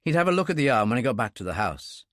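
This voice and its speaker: A man narrating a thriller audiobook in a steady, expressive reading. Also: mid-range voice, rapid-fire, dry recording, studio quality. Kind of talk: scripted narration.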